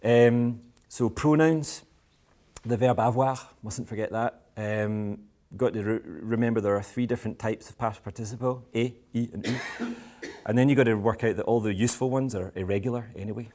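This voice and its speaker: A man's voice: fairly low pitch, fairly even intonation, normal speed, darkish tone. A Scottish man giving a talk to school parents in a playful, provocative, self-mocking way. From Scotland. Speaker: education speaker. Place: school event with live audience.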